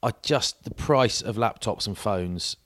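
A man's voice: on the low side, unhurried, a bit bright, no echo. A man in his forties co-hosting a podcast, telling rambling, self-mocking anecdotes in casual chat. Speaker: podcast co-host.

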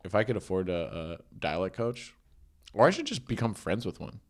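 A man's voice: deep voice, moderate pace. A young man co-hosting a casual comedy chat, joking and slipping into put-on voices. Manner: animated, jokey, breaks into put-on voices. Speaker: podcast co-host.

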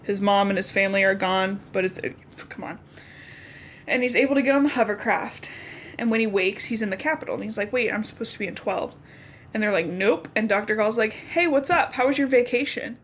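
A young podcast co-host speaks a little fast in a mid-range voice, over a little hiss or hum. Chatty and casual, she recaps a novel and acts out the characters' dialogue in quotes.

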